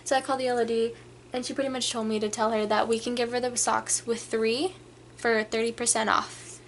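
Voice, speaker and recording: A young woman telling a casual storytime rant to her camera, animated and full of filler words. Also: fairly high pitch, a little fast, slight background noise. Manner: animated, filler-heavy, many "like"s, acts out customers. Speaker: vlogger.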